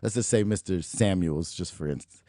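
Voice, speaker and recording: A middle-aged man hosting a show, telling a motivational story in an animated, emphatic way and acting out the dialogue. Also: deep voice, moderate pace, no room sound, clean studio sound. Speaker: show host, motivational speaker.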